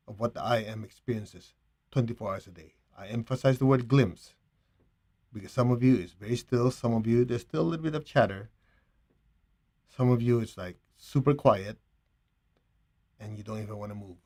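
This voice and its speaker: A man leading a guided meditation and spiritual teaching, speaking calmly and gently in a relaxed, conversational way. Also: medium pitch. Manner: calm, gentle, unhurried.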